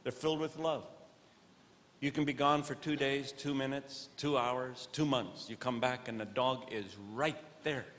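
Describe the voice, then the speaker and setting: A man performing live stand-up comedy on stage. He questions audience members directly and swings between earnest preaching and loud comic bits. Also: medium pitch, steady tone, moderate pace. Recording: long hall reverb, faint noise.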